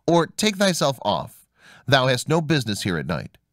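A man's voice: mid-range voice, wildly swooping pitch, moderate pace, no echo, studio quality. A man voicing a simple, fearless young man who speaks plainly, stubborn and earnest, in a storybook reading. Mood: stern.

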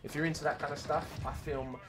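A man's voice: fairly high pitch, fast talker, background noise. A young man giving casual commentary over his gameplay, swearing a lot and talking to his viewers as boys and mates. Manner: swears often, frustrated and animated, talks to viewers as boys and mate. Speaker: gaming streamer. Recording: game gunfire behind the voice.

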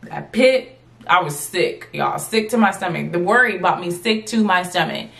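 A woman in her late twenties telling a storytime vlog to her viewers, in a lively, chatty way that keeps calling out to them. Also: fairly low pitch, moderate pace, vocal fry. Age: 20s. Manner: animated, chatty, addresses viewers as y'all. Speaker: vlogger.

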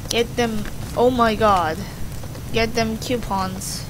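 A woman's voice: on the high side, fairly even intonation, slow, very noisy. A young woman giving casual gameplay commentary, rambling, hesitating and swearing now and then. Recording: music playing behind.

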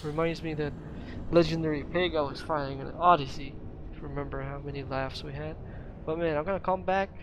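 A man's voice: a little high, fairly quick. A young man commenting casually on his own gameplay, mixing joking threats with frequent laughter. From Ukraine. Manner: playful mock-menacing trash talk, laughs often. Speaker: gaming channel host. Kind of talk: casual let's-play commentary. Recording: steady background noise.

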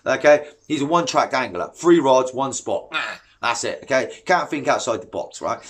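A man's voice: medium pitch, expressive, a little fast, breathy edge. A man, a carp fishing vlogger, ranting bluntly and casually in a home video, using slang and strong opinions. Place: at home, then outdoors by a garden pond.

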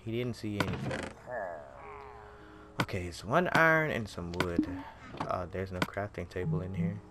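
A low-pitched man talks at a normal speed in a very noisy recording, with game music behind him. He's a gaming video creator doing casual commentary over his own play, jumpy and exclaiming as he speaks straight to the game.

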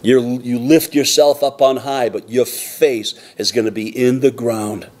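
A man's voice: medium pitch, fairly even intonation, unhurried, a little mellow. Earnest man preaching a sermon. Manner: earnest, repetitive emphatic preaching. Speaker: pastor. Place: church sanctuary.

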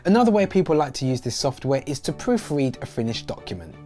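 A man's voice: medium pitch, sing-song, fast talker, dark tone, soft background music. A man hosting and explaining in an upbeat tutorial voice-over. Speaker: host.

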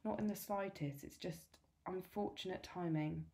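Gentle loving mum, read by a woman. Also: fairly low pitch, normal speed, close to an everyday voice. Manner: gentle, reassuring. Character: loving, gentle mother of a teenage son.

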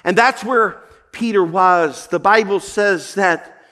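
A man's voice: sits high, takes it slowly, pushed and bright. A male pastor preaching a sermon, telling a story earnestly with repeated false starts.

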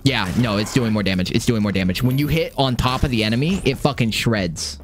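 A young man giving casual live gameplay commentary, excitable and swearing often, repeating phrases under pressure. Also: medium pitch, fairly quick, soft background music. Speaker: gaming streamer.

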